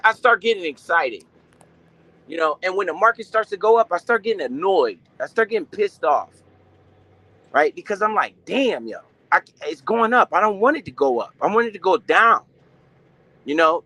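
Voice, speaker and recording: High-pitched man in animated, profane stream talk. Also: no room sound. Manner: animated, profane, slangy, asks questions and answers them himself. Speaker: finance streamer. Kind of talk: casual live-stream talk.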